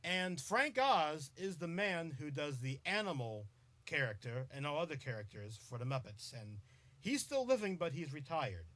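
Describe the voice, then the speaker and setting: A man's voice: on the high side, big pitch swings, normal speed, fairly bright tone. A man hosting a live podcast, chatting playfully with commenters and often breaking into giggles. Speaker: podcast host. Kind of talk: casual live-stream chat.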